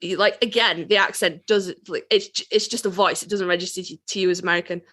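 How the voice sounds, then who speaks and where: A woman's voice: fairly low pitch, steady tone, quick pace, fairly bright tone. A British woman co-hosting a podcast, chatting casually and candidly, swearing now and then and laughing through her words. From Britain. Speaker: podcast co-host. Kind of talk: casual chat.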